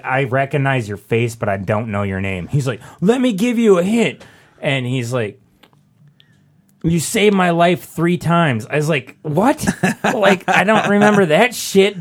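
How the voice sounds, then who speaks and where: A young man telling a story in casual chat, swearing constantly and ranting in an animated way. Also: a little high.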